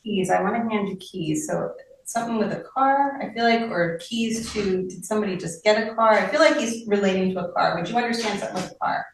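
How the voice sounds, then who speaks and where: Woman medium in a big echoey room, mic way off, soft hesitant talk, faint hiss behind. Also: medium pitch, brisk. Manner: gentle, tentative, often trailing off and checking with listeners. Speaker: medium leading a group session. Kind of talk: live mediumship demonstration. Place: community gathering room. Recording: echoey room recorded from far off with faint noise.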